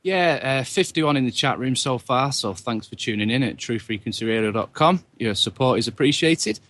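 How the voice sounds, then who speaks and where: Relaxed male co-host reading a list. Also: mid-range voice, moderate pace. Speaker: radio co-host. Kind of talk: reading out chat room names.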